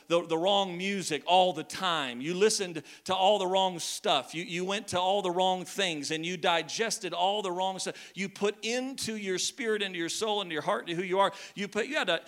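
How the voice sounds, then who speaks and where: A man's voice: high voice, pushed and bright. A man in his thirties preaching a sermon to a church, talking casually and joking with the congregation. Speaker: pastor. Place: church hall.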